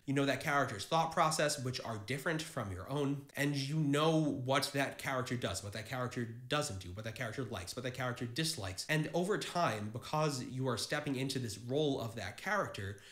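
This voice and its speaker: A man gives an earnest explainer monologue in a middle-pitched voice. He speaks directly and encouragingly to his viewers. The room around him is echoey. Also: fairly bright tone. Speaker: tabletop gaming channel host. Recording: roomy echo.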